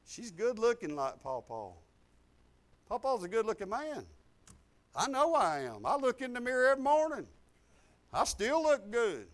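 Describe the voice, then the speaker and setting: An older man preaching a sermon, folksy and exuberant, breaking into loud outbursts. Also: extremely high pitch, wildly swooping pitch, normal speed, long pauses. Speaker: pastor.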